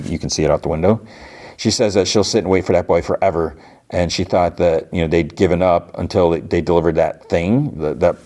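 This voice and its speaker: A man's voice: low-pitched, a little mellow. A man hosting a podcast, retelling a TV episode in a casual, rambling way with many fillers. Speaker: podcast host.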